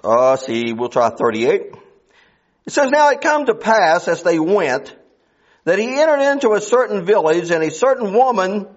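Man preaching, high voice, lots of swing in the pitch, folksy and fervent, dull lo-fi sound. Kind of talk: sermon. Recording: dull lo-fi recording.

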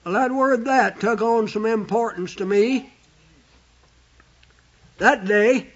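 A man with a very high voice preaching at a slow, deliberate pace. He leans hard on key words when he quotes scripture, and the sound is dull and lo-fi. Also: slight background noise. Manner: emphatic, drawn-out scripture quoting. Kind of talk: sermon. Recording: dull lo-fi recording.

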